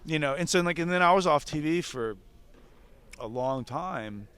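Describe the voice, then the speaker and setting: A man telling a story in casual, animated talk, swearing freely and acting out what others said. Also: a little high, normal speed, slight background noise. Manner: animated, profane, laughs often, acts out others' lines. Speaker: wrestling veteran guest.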